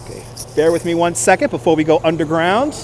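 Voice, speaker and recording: Streaming from a phone on a handheld gimbal, a man leads a casual walking tour of city streets at night and cheerfully thanks viewers for donating. He talks fast in an expressive, higher voice, and there's slight background noise.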